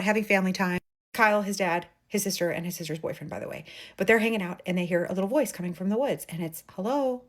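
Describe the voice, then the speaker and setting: A woman's voice: mid-range voice, fairly bright tone. A woman retelling a submitted scary story in a chatty, conversational way, briefly acting out the people in it. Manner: chatty, conversational, acts out quoted voices.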